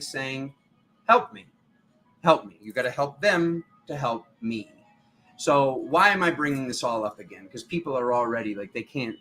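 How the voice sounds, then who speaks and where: Guy doing a live tarot stream, bright sharp voice, all riled up and preachy. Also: fairly high pitch. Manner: fervent, preachy, addresses viewers as family; riled up, urgent. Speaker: tarot reader and channel host.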